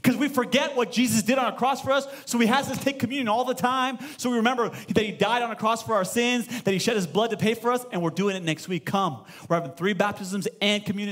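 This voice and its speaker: A man in his thirties, a pastor giving a sermon in a church and telling stories with acted-out dialogue. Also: high-pitched. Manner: animated storytelling, acts out dialogue. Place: church sanctuary.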